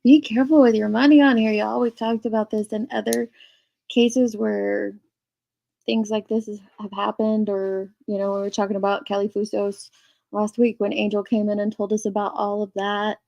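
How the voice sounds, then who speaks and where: A woman's voice: mid-range voice, level tone, moderate pace, creaky, dark tone, highs cut off. A woman hosting a casual livestream, chatting and reading viewer comments aloud. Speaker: livestream host reading chat.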